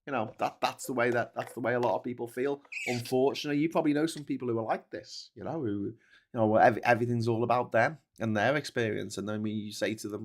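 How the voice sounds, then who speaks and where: A man's voice: mid-range voice, fast. A man hosting a casual livestream, reading viewer comments and ranting with lots of swearing and restarts.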